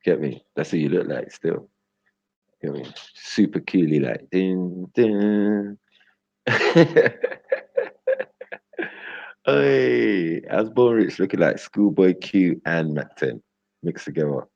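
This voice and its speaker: Here a young male streamer chats loosely with viewers in street slang, wandering off topic and laughing frequently. His low, gravelly, darkish voice moves slowly with long pauses, captured dry on muffled lo-fi audio.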